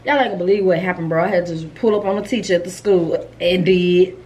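A woman's voice: on the low side, fast talker, slight background noise. Chatty woman vlogging at home. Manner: chatty, excitable, talks to viewers directly. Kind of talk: casual vlog chat.

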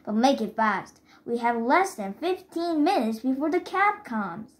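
A woman's voice: sits high, sing-song, unhurried. A woman reading the lines of a flustered, exasperated middle-aged father in a storybook.

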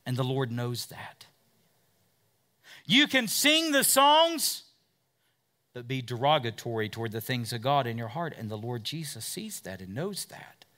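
A man preaching a sermon as pastor, emphatic, with big swings in loudness and pace. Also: medium pitch, moderate pace, few pauses.

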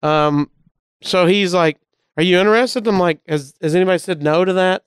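A man from Alabama with a Southern drawl spins a story in casual talk, slipping in quick voices for the people in it. His voice is very smooth and clear, sitting a little high, and the sound is dry and close. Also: dry recording. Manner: animated anecdotes, acting out the voices of people in the story. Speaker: comedian guest.

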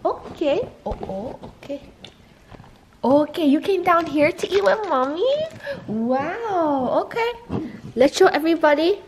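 A woman's voice: high-pitched, background noise. A young woman vlogging at home, coaxing her dog in baby talk and chatting to viewers. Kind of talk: casual vlog, talking to her dog.

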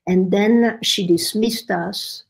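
Older woman, low gravelly voice with a husky edge, telling a story on a podcast. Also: slow pace, rough recording. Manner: animated storyteller, quotes others with rising emphasis. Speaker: podcast guest. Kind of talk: storytelling in conversation.

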